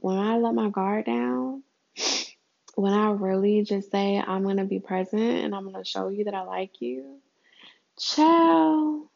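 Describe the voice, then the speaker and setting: A chatty woman hosting a casual solo audio journal, addressing listeners as girl and y'all. Her voice carries a gravelly fry, and she swoops up high for emphasis. The recording is muffled and lo-fi. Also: darkish tone. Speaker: podcast host.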